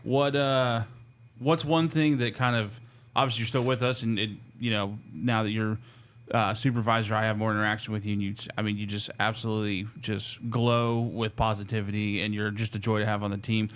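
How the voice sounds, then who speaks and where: A man's voice: on the low side, level tone, a little fast, fairly bright tone. A man hosting a casual workplace chat show, talking freely and laughing through his stories. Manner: chatty, laughs while telling stories. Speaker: host. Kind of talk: casual company podcast chat.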